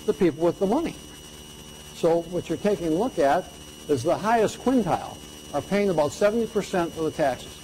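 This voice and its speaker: A man's voice: fairly high pitch, mellow, slight background noise, low-quality recording. An older man giving an economics lecture to an audience, conversational and checking in with "okay?" after his points.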